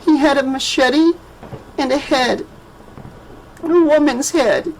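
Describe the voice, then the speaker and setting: A man's voice: very high voice, takes it slowly, creaky, a little hiss or hum, pitched above the performer's own voice, exaggerated voice, low-quality recording. A man voicing a frightened, tearful little girl in an audiobook, small and shaky. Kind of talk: audiobook character voice.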